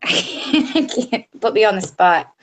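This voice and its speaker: Female guest, slight lisp, unsure and self-conscious delivery, soft background hiss. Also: medium pitch, animated, takes it slowly, rough recording. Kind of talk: casual chat.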